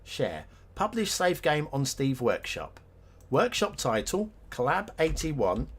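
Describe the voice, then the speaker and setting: A man's voice: a little high, very animated, slow, slightly rough. A man streaming a city-building game live, chatting casually with viewers, thinking aloud and laughing often; English is not his first language.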